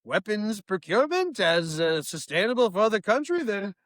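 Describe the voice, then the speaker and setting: A woman's voice: a little high, very animated, measured pace, fairly bright tone, dry recording. A woman voicing a suave, overly formal male spy with a hesitant, pompous manner. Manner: hesitant, pompous, full of uh and you know.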